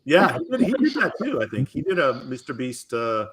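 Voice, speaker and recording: A middle-aged man hosting a podcast, chatting casually and telling stories in an animated, rambling way with frequent restarts. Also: medium pitch, fairly quick. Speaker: podcast host. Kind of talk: casual chat.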